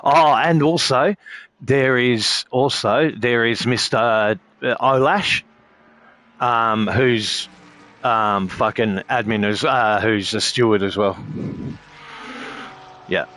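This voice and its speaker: A man's voice: mid-range voice, slow, a bit bright. An Australian man streaming sim racing, chatting casually with viewers in a laid-back, rambling way and swearing constantly. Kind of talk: casual live-stream chat.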